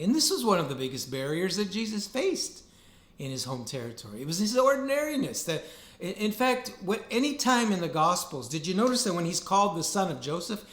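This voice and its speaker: Guy preaching a sunday sermon, earnest, voice bounces around a lot, echoey room. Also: on the high side. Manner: animated, earnest preaching with rising emphasis. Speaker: pastor. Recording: roomy echo.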